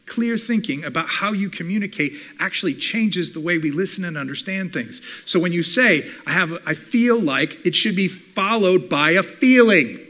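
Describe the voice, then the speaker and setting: A man delivers a sermon with the energy of a classroom lecture. His voice is bright and sits a little high. He slips into quick acted-out voices for the people he quotes. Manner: animated teaching, acts out quoted listeners. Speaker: pastor and communications professor.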